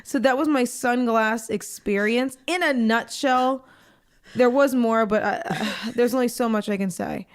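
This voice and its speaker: A woman's voice: on the high side, measured pace. A young woman co-hosting a podcast, chatting casually and acting out the people in her anecdote. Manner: chatty, animated, acts out voices in anecdotes. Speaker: podcast co-host. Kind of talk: casual chat, storytelling.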